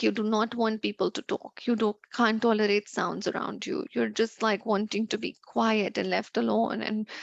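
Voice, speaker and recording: A woman's voice: medium pitch, creaky, no room sound. A woman doctor giving an informal educational talk, explaining in a conversational way with many fillers and examples. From United States. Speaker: family medicine doctor giving a health talk. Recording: dull dry lo-fi sound.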